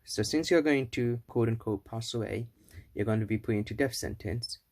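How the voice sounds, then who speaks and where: A man's voice: mid-range voice, normal speed, a little mellow, lightly acted. Clever wife telling her husband not to worry, confident and soothing, a guy doing her in a fable. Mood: reassuring. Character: reassuring, clever wife of a minister.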